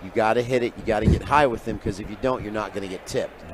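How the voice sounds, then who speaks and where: A man who is a sports handicapper, telling an animated story as a guest on live sports radio and acting out the people he quotes. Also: lowish voice, fast talker, background noise. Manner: lively raconteur who acts out quoted voices, often trailing off quietly. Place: live broadcast booth at a radio event.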